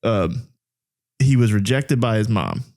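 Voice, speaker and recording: A man's voice: lowish voice, animated, unhurried, darkish tone. A man co-hosting a podcast in casual chat, telling stories with lots of fillers and frequent laughter. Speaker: podcast co-host.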